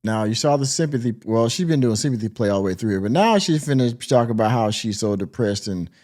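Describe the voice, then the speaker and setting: A man's voice: medium pitch, animated, quick pace, darkish tone. A man hosting a reaction commentary podcast, speaking in a mocking, sarcastic way. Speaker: commentary host.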